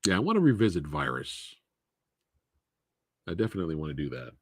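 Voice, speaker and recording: A man's voice: deep voice, huge pitch swings, a little fast, slightly rough, no echo, studio quality. A man hosting a live movie Q&A stream, chatting casually, laughing often and swearing freely.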